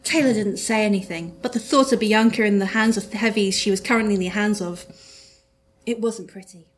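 A woman's voice: medium pitch, fairly quick. A woman host narrating a comic parody story aloud, amused and often breaking into laughter.

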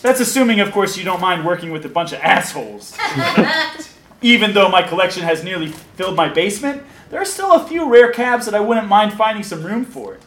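A young man tells his story with sardonic, crude humor and frequent chuckles. His voice sits high and moves a lot. The room around him is echoey. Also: very animated, a little fast, noisy background. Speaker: narrator and lead actor. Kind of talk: comic audio drama narration.

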